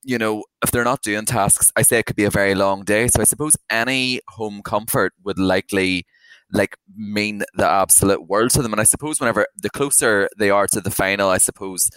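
Low-voiced man chatting. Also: fairly quick, fairly bright tone, clean tone, dry recording, rough recording. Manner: rambling, many fillers. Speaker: podcast co-host. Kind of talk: casual chat.

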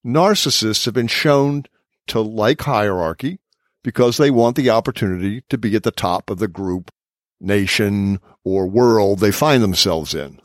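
A man's voice: lowish voice, unhurried, dry recording, clean studio sound. A man hosting a political discussion podcast, reading quotes from his notes and laughing often. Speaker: podcast host.

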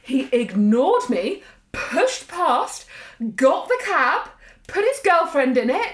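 A pregnant woman co-hosting a podcast, telling stories in a lively way and swearing freely. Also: sits high, slow pace, roomy sound. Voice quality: swears freely, animated storyteller. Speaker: podcast co-host. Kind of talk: casual chat.

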